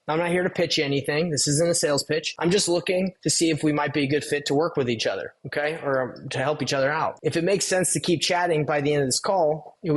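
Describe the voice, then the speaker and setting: Guy teaching cold calling, kinda high voice, a bit husky, chatty, acts out the calls. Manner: conversational, acts out both sides of calls. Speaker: real estate wholesaling coach. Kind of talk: casual teaching walkthrough of a cold-call script.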